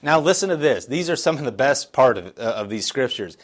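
A man's voice: medium pitch, animated, a little fast, hardly any pauses. A middle-aged man preaching a sermon in a church, reading scripture aloud and explaining it in a conversational, earnest way with frequent restarts. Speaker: pastor.

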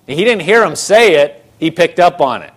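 A man preaching a sermon, retelling a scripture story in casual, animated voices. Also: a little high, normal speed.

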